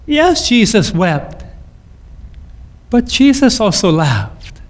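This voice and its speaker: Male pastor, sermon, very high voice, slow, measured liturgical delivery. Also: expressive.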